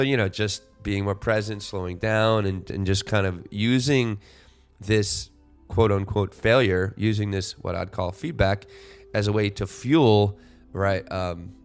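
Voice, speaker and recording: Male podcast host, 40s, deep smooth voice, reflective and rambling, faint music underneath. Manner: rambling, self-correcting, reflective.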